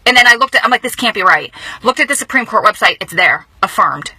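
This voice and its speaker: A woman vlogging from a car, telling news in a casual, emotional and excited way, often speeding up. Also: a little high, husky, dry recording, poor audio. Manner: excited, emotional, talks fast in bursts. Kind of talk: casual vlog storytelling. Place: inside a car.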